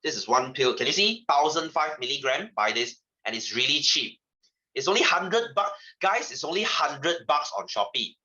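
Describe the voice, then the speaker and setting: A man's voice: a little high, big pitch swings, normal speed, bright, forceful tone, muffled recording. A man giving a chatty science lesson to his class, asking questions and repeating himself. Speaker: science teacher. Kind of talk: classroom lecture.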